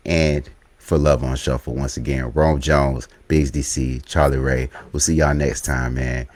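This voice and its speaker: A man's voice: extremely low pitch, steady tone, a little slow, darkish tone, no room sound. A man hosting a casual podcast, laid-back and saying "man" often as he wraps up the episode. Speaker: podcast host.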